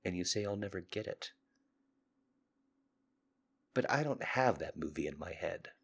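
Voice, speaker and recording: A man with a very deep, rough, husky voice, hoarse from being sick. He hosts his podcast as an intimate confessional monologue. His tone is earnest and seductive, with loud urgent pushes that fall away into soft murmurs. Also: expressive, a little slow, long pauses. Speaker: podcast host.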